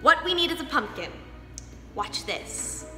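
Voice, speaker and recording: A woman's voice: high voice, sing-song, measured pace, pushed and bright, full character voice. A woman voicing a kindly, flustered older fairy godmother in a storybook reading, with a fussy cooing manner. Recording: echoey studio hall, faint music.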